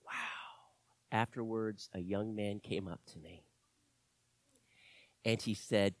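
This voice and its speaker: A middle-aged male pastor preaching a sermon to his church, swinging from loud emphasis to quiet asides, with self-deprecating humor. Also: on the low side, fairly even intonation, slow, pauses often, no echo.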